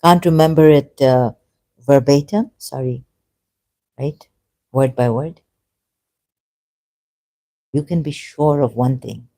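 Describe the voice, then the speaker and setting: A religious commentator in an unscripted personal monologue, talking in a meandering, halting way with many self-corrections, earnest and at times emphatic. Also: medium pitch, warm tone. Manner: earnest, grows emotional and emphatic.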